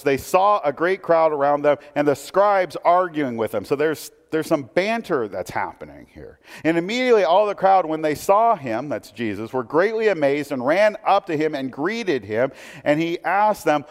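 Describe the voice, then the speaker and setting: A male pastor delivers a sermon in a slightly raised voice. He moves between reading scripture aloud and explaining it in an easy, conversational manner. The sound carries a long reverb, as in a large hall. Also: on the high side.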